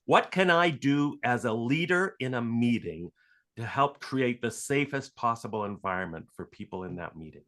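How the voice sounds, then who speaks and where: A man's voice: medium pitch, lively intonation, normal speed, a bit bright. A man co-hosting a podcast while he has a head cold, joking and asking long, framed questions. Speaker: podcast co-host.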